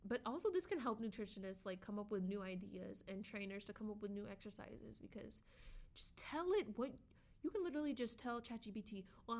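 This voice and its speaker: A young woman hosting a casual solo podcast, talking in an excitable, gushing way and laughing often. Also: fairly high pitch. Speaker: podcast host.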